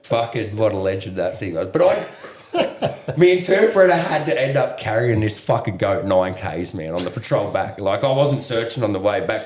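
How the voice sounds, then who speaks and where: An Australian man, a veteran guest, telling a war story in a profane, laughing, animated way. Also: on the low side, reverberant. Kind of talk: casual storytelling.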